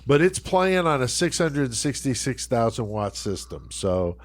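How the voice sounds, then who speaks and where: A man's voice: mid-range voice, sing-song, a little slow. A man co-hosting a comedy podcast, laid-back, laughing along and setting up the segment. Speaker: podcast co-host. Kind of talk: casual chat.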